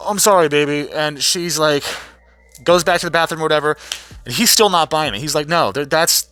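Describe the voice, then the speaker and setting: A young man giving a casual, profane recap vlog, animated and full of fillers and restarts. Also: a little high, moderate pace. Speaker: vlogger recapping a trial.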